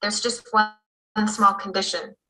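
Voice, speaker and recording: An actress speaking lines in a scripted dialogue from a language course, with a bright, quick delivery. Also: female voice, mid-range voice, fairly even intonation, natural voice. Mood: cheerful.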